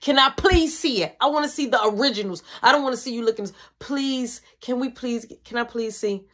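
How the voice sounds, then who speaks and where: Young woman doing an angry mom, slightly high voice, repeating herself, fed up. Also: brisk, a bit bright. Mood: pleading. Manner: pleading then threatening, repeats herself. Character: furious demanding mother, middle-aged woman.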